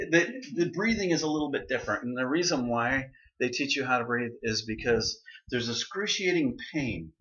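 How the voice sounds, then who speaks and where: Guy telling his story to a crowd, pitch jumps all over, echoey muffled room. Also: pushed and bright. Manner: storytelling, acting out quoted voices. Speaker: speaker. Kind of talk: personal speech to an audience. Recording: dull, roomy hall recording.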